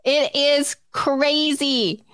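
High-voiced woman telling a rambling story. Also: extremely slow, fairly bright tone, no echo, studio quality. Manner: rambling storyteller, many fillers and restarts. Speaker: podcast co-host. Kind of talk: casual chat.

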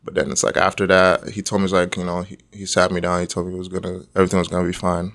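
A man's voice: deep voice, monotone, rapid-fire, fairly bright tone. A young man from Nigeria, the guest, telling a story in casual chat and laughing often along the way.

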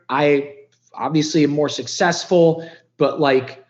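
A man's voice: mid-range voice, moderate pace, dull audio. A man in his fifties from Ohio, telling his recovery story as a podcast guest in a candid, emotional and profane way. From Ohio, United States. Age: 50s.

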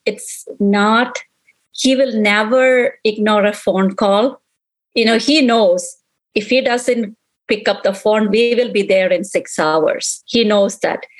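A middle-aged woman in an interview, recounting a painful memory in halting speech that repeats itself and acts out past conversations. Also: medium pitch, poor audio. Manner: halting, repeats herself, relives quoted dialogue. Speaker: interviewee, mother of victim.

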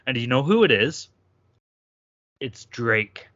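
A man from Toronto hosting a podcast, loud and hyped, swearing freely in casual banter. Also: on the high side, big pitch swings, normal speed, long pauses, no room sound, dull audio. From Toronto, Canada. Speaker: podcast host.

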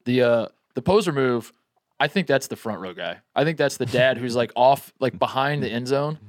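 A man's voice: medium pitch, lively intonation, moderate pace, no room sound, studio quality. A man co-hosting a podcast, chatting casually about sports with jokes and many restarts. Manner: rambling, many restarts, jokey. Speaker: podcast co-host.

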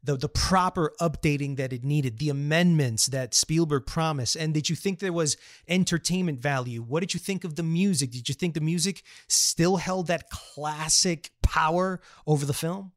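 A man's voice: on the high side, normal speed, no room sound, studio quality. A man co-hosting a podcast, giving candid personal opinions on a film in casual discussion while hedging his views. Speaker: podcast co-host.

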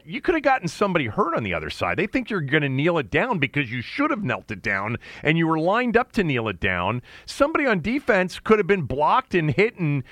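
A blunt male sports talk co-host who swears freely and stumbles into restarts as he builds his case. His voice climbs and drops in a lively way. The sound is dry and close, with no room around it. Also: on the high side, dry recording. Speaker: podcast co-host.

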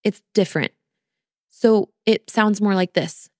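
A woman's voice: medium pitch, animated, normal speed, long pauses, a little mellow, slightly rough, dry recording, studio quality. A woman in her thirties hosting a podcast, talking earnestly and directly to her listeners as a postpartum coach. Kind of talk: casual solo podcast talk.

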